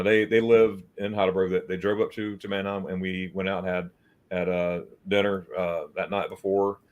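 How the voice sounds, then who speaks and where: A man hosting a livestream chat, telling a story in a loose, rambling way, often repeating words and acting out what people said. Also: on the low side. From United States. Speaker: host.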